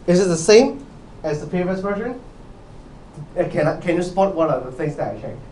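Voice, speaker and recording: Male lecturer, higher voice, asks questions often, echoey hall, distant mic. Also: expressive, normal speed, darkish tone, a little hiss or hum. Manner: repetitive, asks students questions, many "okay"s. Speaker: university lecturer. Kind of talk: live programming lecture.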